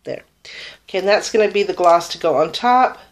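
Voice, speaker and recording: A woman's voice: on the low side, animated, brisk. A woman chatting casually through a makeup tutorial, rambling and enthusiastic about her products. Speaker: beauty vlogger.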